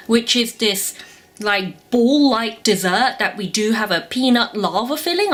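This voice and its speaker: Brief: young female vlogger with a slightly high voice, chatty and descriptive in a casual taste-test. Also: fairly bright tone. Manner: chatty, describes food while eating. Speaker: food vlogger.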